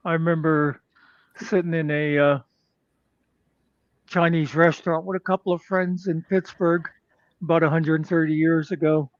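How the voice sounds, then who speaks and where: A man's voice: a little high, level tone, moderate pace, long pauses, dry recording. A man chatting casually on a livestream, rambling through crude jokes and stories. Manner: rambling joke-teller, crude. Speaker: livestream co-host. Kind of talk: casual chat. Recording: dull, dry lo-fi audio.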